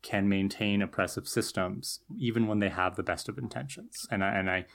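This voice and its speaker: Low-voiced thoughtful man co-host. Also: moderate pace, vocal fry, fairly bright tone. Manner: thoughtful, analytical, laughs easily. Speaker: podcast co-host. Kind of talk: casual chat.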